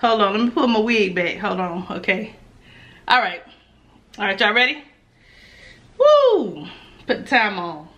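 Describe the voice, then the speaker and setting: A woman's voice: mid-range voice, moderate pace, pushed and bright. A woman food vlogger, chatting casually and nervously to her viewers, laughing often. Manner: nervous, giggly energy. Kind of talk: casual mukbang vlog.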